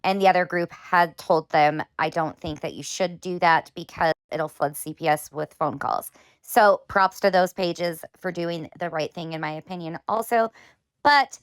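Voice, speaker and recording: A woman's voice: on the low side, clean tone, no echo, studio quality. A woman hosting a commentary video, talking through clips with pointed, sarcastic questions. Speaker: commentary host. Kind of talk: drama commentary.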